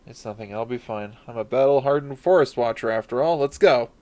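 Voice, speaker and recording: A man's voice: medium pitch, fairly quick, darkish tone, close to an everyday voice. A man reading a caring, tough young forest watcher woman. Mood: reassuring. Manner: reading game dialogue aloud, slightly raised.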